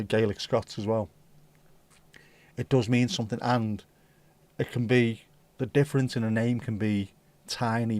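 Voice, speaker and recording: Man, livestream host, casual sweary banter with chat, mid pitch, dry close sound. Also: a little mellow, dry recording. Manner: chatty, sweary, banters with viewers. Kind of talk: casual chat reading out live chat.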